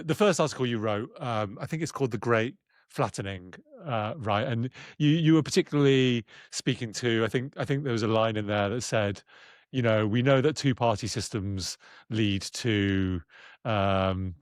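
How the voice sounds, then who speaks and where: A man's voice: medium pitch, no echo, clean studio sound. A man hosting a podcast in casual conversation, rambling with fillers and restarts. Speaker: podcast host.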